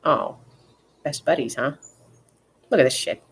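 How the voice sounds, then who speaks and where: A woman's voice: extremely low pitch, measured pace, husky. A young adult woman vlogging in casual chat, rambling and swearing freely, with lots of fillers. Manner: rambling and profane, with frequent fillers.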